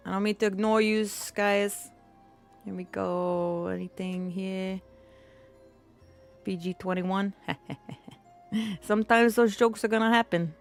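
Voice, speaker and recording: A chatty woman gaming on a live stream, laughing a lot and rambling through her plans. Her voice sits at an ordinary middle pitch, with faint music playing behind her. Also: fairly even intonation, takes it slowly, long pauses. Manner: chatty, laughs often, trails off and restarts. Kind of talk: casual gaming stream chat.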